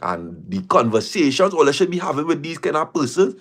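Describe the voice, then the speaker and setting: A man's voice: on the high side, sing-song, a little fast, a bit bright. A man hosting a casual live stream, talking emphatically, repeating phrases and firing rhetorical questions.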